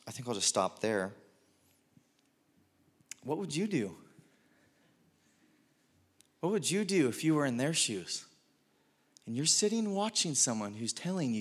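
A man of middle pitch delivers a sermon from a church stage in a loose, conversational way. He leans on fillers and rhetorical questions and chuckles at his own jokes. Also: very animated, unhurried, long pauses. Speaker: pastor. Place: church stage before a congregation.

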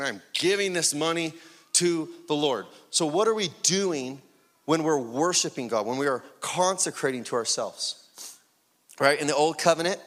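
A man preaching a sermon to his congregation. He asks them questions and swings from loud, rising peaks down to hushed whispers. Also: on the high side. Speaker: pastor.

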